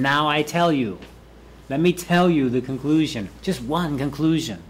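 Lecturing man with a raised pitch. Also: measured pace, husky. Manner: repeats phrases for students to echo, lively emphasis. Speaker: university professor. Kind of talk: classroom lecture. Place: classroom.

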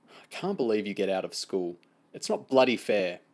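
A man's voice: fairly low pitch, very animated, normal speed, a little mellow. A man reading aloud and voicing a cheeky, complaining teenage boy in a storybook reading. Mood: grumbling.

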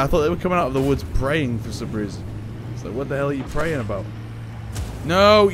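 A man giving excitable, jokey let's play commentary and talking back to game characters. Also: a little high. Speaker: gaming YouTuber. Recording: game sound effects and vehicle noise behind.

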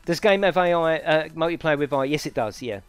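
A man's voice: on the high side, quick pace, smooth, dry recording. A man streaming a racing game, chatting and joking with viewers and swearing freely over game music. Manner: banters with chat, swears freely. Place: home gaming setup.

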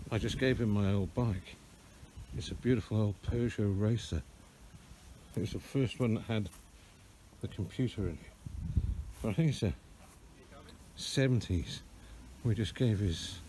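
A man's voice: lowish voice, warm tone, rough recording. An older man chatting casually while filming outdoors, out of breath as he walks down to a beach. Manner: chatty, rambling commentary while walking. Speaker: vlogger. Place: outdoors by the coast. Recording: outdoor camera with wind noise.

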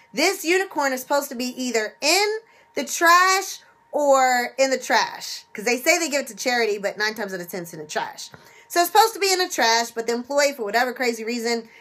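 A woman hosting a casual instructional talk, animated, who acts out little scenes while she explains. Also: high-pitched. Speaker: penny shopping video host.

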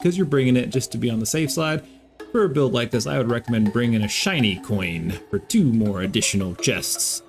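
Upbeat guy walking viewers through game builds, calls them guys, soft music in back. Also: mid-range voice. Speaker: gaming YouTuber.

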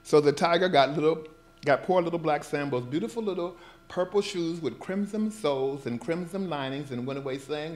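A man with a fairly high voice reads a children's story aloud to a live audience, in a lively performer's delivery. He keeps stepping out of the text with wry, laughing asides. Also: normal speed. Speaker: performing artist. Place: live performance event at an art gallery.

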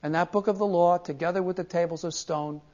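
High-voiced man lecturing from old cassette. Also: steady tone, brisk, darkish tone. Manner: emphatic, repeats key words for stress. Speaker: pastor teaching a class. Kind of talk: classroom theology lecture. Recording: dull lo-fi cassette tape.

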